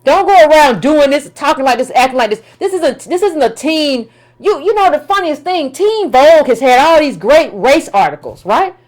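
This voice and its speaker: A woman's voice: high-pitched, animated, normal speed, a little mellow. A woman political commentator delivering an opinion rant, emphatic and colloquial, repeating herself and firing rhetorical questions.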